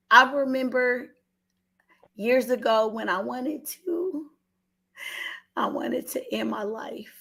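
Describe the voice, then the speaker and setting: Earnest gravelly Oakland woman. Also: on the high side, slow pace, long pauses, sharp tone. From Oakland, California. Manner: earnest, repeats herself, fights back tears. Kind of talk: emotional testimony on a call-in show.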